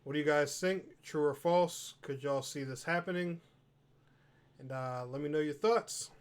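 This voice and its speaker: A man hosting a gaming podcast in casual chat, loose and rambling with many pauses and fillers. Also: on the high side. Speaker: podcast host.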